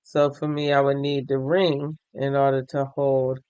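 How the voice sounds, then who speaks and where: A tired, yawning man hosting a crochet and knitting podcast, chatting casually as he shows his items to viewers and thinks out loud. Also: mid-range voice, flat delivery, measured pace, clean tone, dry recording, highs cut off. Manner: chatty, thinks aloud, addresses viewers directly. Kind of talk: casual show-and-tell chat.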